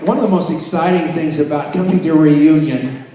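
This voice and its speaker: A jovial male emcee in his fifties with a fairly high voice calls guests up to the stage. His voice rings through a large hall from a distance, with the hum of the room clearly heard behind him. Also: fairly even intonation, a little fast. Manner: loud, jovial, calling people up. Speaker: master of ceremonies. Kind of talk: emcee introductions at a reunion. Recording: echoey hall from far off with crowd ambience.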